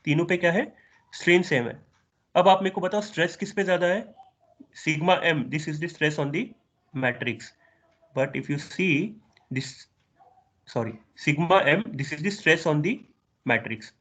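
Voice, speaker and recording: Fast-talking Indian man lecturing. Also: a little high, fairly bright tone. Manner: switches between English and Hindi, asks frequent rhetorical questions; restarts and corrects himself. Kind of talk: engineering lecture.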